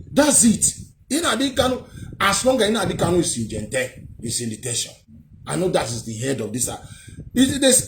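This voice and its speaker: A male vlogger with a high voice delivers heated, scornful commentary, lecturing the viewer with many rhetorical questions. A little hiss or hum sits under the recording.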